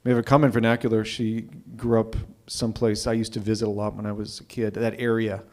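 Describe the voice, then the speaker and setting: A man's voice: fairly low pitch, little pitch movement, fast, a little mellow. A man hosting a live open mic, thanking a storyteller and introducing the next one in a reflective way. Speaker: host.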